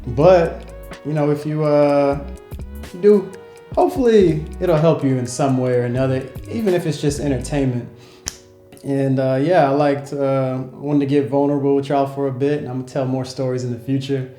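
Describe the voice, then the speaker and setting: A young man, a travel vlogger, casually telling a story to camera in a relaxed, slangy way with frequent laughs. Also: mid-range voice, normal speed, roomy sound, faint music behind. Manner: laid-back, laughing, slangy, acts out quotes.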